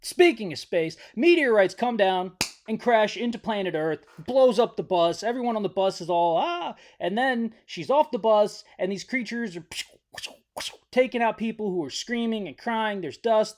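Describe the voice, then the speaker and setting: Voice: medium pitch, a little mellow. A host retelling a horror movie's plot from memory in a rambling, joking way, tripping over words and correcting themselves. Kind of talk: comedic movie recap.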